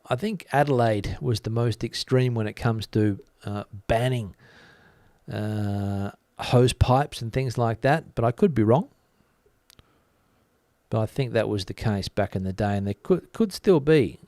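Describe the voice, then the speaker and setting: A middle-aged man chats through viewer comments on a live stream. He often stops to hesitate and fill gaps. His voice sits at an ordinary pitch, and the sound is dry and close, with no room echo. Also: a little mellow. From Australia. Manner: hesitant, lots of uh fillers, reads out comments. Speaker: livestream host reading chat. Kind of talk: casual live chat.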